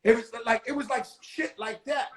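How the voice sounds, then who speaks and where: A man hosting a casual livestream chat, telling a story in an animated way and swearing freely, heard over a video call. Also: very high-pitched, normal speed, over a noisy crowd, poor audio.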